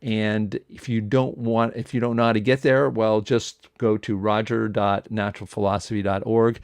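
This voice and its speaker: A man's voice: fairly low pitch, level tone, normal speed, darkish tone, clear, resonant tone, no room sound. A man hosting an online interview, rambling along with many fillers and restarts. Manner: rambling, filler-heavy delivery. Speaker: host.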